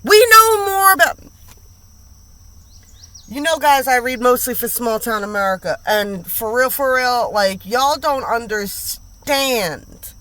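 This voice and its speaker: A woman's voice: a little high, measured pace, few pauses, fairly bright tone. A woman giving a casual tarot reading, blunt and emphatic, full of slang and swearing, repeating lines for emphasis. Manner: slangy and profane. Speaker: tarot reader.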